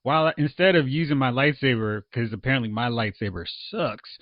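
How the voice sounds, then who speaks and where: A man's voice: mid-range voice, brisk, no room sound. A man co-hosting a casual podcast movie discussion, playfully acting out characters as he talks. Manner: playful, acts out characters in a goofy voice. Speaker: podcast co-host. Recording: dull, dry lo-fi sound.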